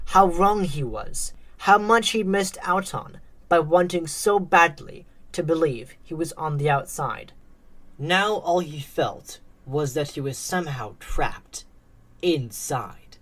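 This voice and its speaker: A woman narrating a story in a measured, dramatic reading. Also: deep voice.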